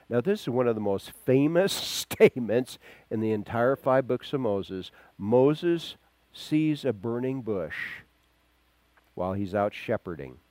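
A man preaching a verse-by-verse sermon, acting out the quoted voices and swinging between loud emphasis and quiet asides. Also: mid-range voice, expressive, a little slow, dry recording. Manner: acts out quoted voices, chuckles. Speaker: pastor. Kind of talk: expository sermon.

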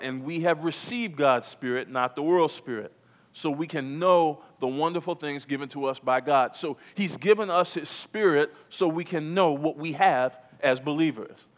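A man preaching from the pulpit with a somewhat raised voice. He leans on key phrases, repeats them for weight, and throws questions out to the people in front of him. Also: fairly high pitch. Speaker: pastor. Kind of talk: sermon. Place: church.

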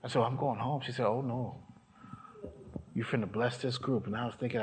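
A man's voice: medium pitch, steady tone, brisk, long pauses, slight background noise. A man preaching, telling a story from his own life and acting out the voices of the people in it. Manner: storytelling, acts out voices, rising to shouts. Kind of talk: sermon testimony.

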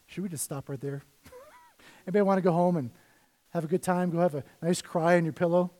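A middle-aged male pastor with a notably high voice delivers a sermon. He drops to quiet, murmured asides, then rises into loud, emphatic readings from scripture. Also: fairly even intonation, fairly quick, long pauses.

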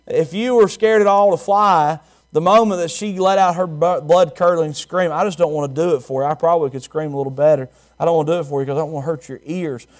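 Preacher, male, somewhat high voice; emphatic sermon delivery, repeats key words. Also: steady tone, fast.

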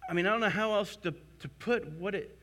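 A male pastor preaching with a high, sharp, forceful voice. He drives his points home emphatically, rising loud and then dropping to a hushed tone. The delivery is a sermon to a live congregation. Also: quick pace. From United States.

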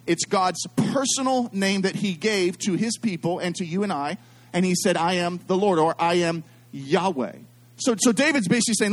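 Middle-aged male preacher with a high-pitched voice, animated and repetitive, drawing the congregation into call-and-response. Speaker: pastor. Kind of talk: sermon.

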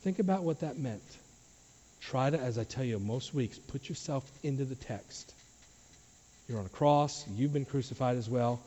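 A man's voice: normal speed, slightly rough. Dynamic man preaching in a reverberant church. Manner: swings from low quiet asides to loud emphatic questions. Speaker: pastor. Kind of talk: sermon. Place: church sanctuary. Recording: dull sound with long hall reverb.

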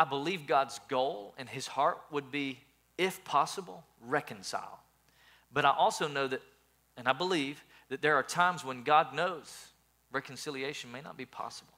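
A man's voice: fairly high pitch, pushed and bright. A male pastor preaching a sermon earnestly, often repeating words as he builds his points.

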